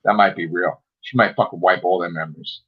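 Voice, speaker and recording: A man co-hosting a casual chat, excitedly retelling scenes and swearing a lot. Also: deep voice, brisk, slightly rough. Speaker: podcast co-host. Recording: dull lo-fi recording.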